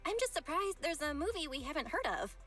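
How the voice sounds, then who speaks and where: A brisk young video-store owner in game dialogue, brushing things off quickly. Her voice sits high and moves lively through each line, with soft music faint underneath. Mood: deflecting.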